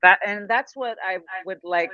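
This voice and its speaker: A woman hosting a casual spiritual chat over a video call, talking in halting, meandering phrases and laughing often. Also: medium pitch, highs cut off. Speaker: host.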